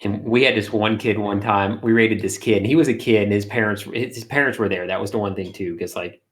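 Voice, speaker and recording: Energetic, low-voiced man telling stories. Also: fairly quick. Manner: energetic storyteller, lots of fillers. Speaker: guest, art streamer. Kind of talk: casual interview chat.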